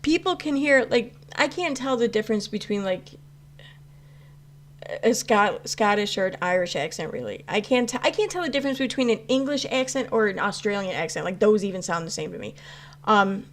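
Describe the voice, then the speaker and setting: A woman talks off the cuff to her livestream chat in a middle-pitched voice. She rambles, backs up, and restarts her sentences, with fillers all through. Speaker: YouTube commentary host answering live chat. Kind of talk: casual live-stream chat.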